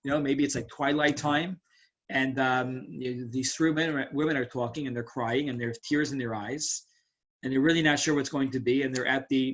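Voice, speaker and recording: A man's voice: mid-range voice, highs cut off. A man teaching a Torah lesson as a rabbi, explaining verses in a casual, storytelling way with frequent asides. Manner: casual, animated storytelling with frequent "right?" and "you know".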